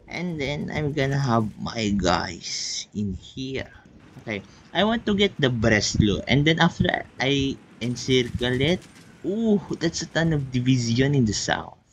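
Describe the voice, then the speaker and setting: Excitable man, English as second language. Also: mid-range voice, unhurried, slight background noise. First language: not English. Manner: excitable, lots of oohs and counting aloud. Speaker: gameplay video creator. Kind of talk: casual gameplay commentary.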